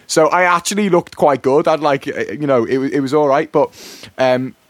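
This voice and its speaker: A man's voice: on the high side, normal speed, no echo. A young man telling a rambling story on a radio show, full of fillers and laughs. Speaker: co-presenter. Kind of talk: casual storytelling chat. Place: radio studio.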